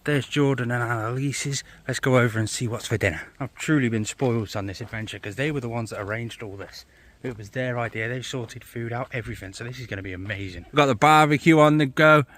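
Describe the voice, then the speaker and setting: A man, chatting excitably to a handheld camera while vlogging outdoors in a forest at night. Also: medium pitch, fast. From England. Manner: excitable, chatty, laughs often. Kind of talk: casual vlog narration.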